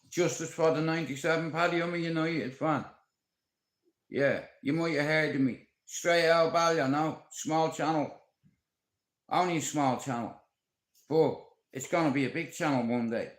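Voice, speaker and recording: A man's voice: a little high, normal speed, reverberant. A man with a Dublin accent, vlogging in a brash, rambling, sweary way. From Ireland. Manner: brash, sweary, puts on voices for bits. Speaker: YouTube vlogger. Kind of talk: rambling casual vlog.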